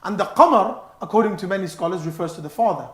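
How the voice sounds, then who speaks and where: A man giving a sermon in a mosque, animated and stressing his words, mixing in Arabic phrases. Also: high voice, fast talker. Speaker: mosque speaker. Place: mosque hall. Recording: echoey mosque hall.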